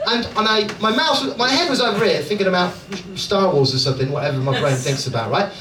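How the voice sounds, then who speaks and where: British male stand-up, high animated voice, self-mocking, heard from afar in an echoey club. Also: fast talker, far from the mic. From Dorset, England. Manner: chatty, self-mocking, keeps checking in with "right?". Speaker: stand-up comedian. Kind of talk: stand-up crowd work. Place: comedy club stage. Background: audience laughter and room noise.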